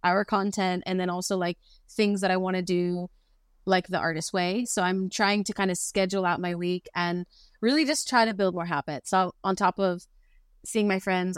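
A woman's voice: fairly low pitch, clear, resonant tone, no echo, clean studio sound. A young adult woman co-hosting a podcast in casual chat, bubbly and talkative, with lots of fillers. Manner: bubbly, chatty, heavy use of "like". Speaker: podcast co-host.

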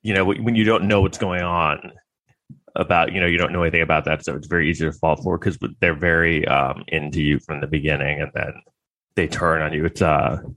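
Man with a low voice, sarcastic and crude, rambling through a comic rant, dry close recording. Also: steady tone, brisk, a bit bright, no room sound. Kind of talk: comedic monologue.

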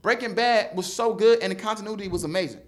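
A man in casual, profane chat among friends, animated and prone to loud mock voices. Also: high voice, quick pace.

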